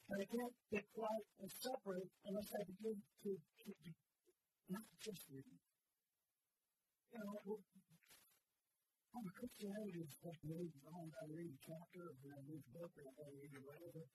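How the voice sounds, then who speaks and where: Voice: mid-range voice, fairly even intonation, moderate pace. Emphatic repetitive preacher over background noise. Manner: repetitive, emphatic phrasing that swells loud then drops soft. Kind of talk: sermon.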